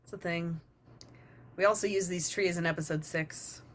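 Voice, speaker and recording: A woman's voice: on the low side, steady tone, moderate pace. A woman talking through the making of an episode on a commentary track, explaining the production. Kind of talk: casual commentary chat.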